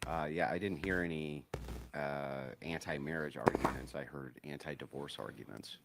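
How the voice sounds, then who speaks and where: A man arguing his case in a debate, laying out points in a measured, methodical way. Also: extremely low pitch, fairly even intonation, very noisy. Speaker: debate guest. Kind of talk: debate argument.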